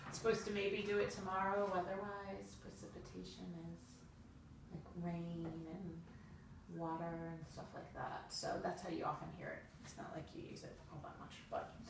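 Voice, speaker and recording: A woman's voice: on the low side, creaky. Encouraging woman tutor, distant and roomy. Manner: encouraging, patient, chatty with fillers. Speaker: reading tutor. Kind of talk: one-on-one reading lesson. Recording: roomy, distant mic with background noise.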